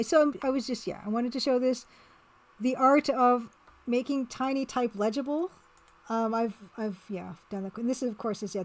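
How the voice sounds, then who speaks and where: A woman's voice: a little high, a little mellow. A woman chatting casually on her art live stream, rambling and answering chat as she works. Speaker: streamer and pixel artist.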